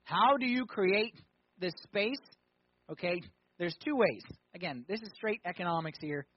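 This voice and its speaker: A man preaching a conversational sermon, asking the crowd questions and swinging from loud emphatic points to quiet ones. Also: high-pitched, expressive, unhurried, breathy edge, dull audio. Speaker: pastor.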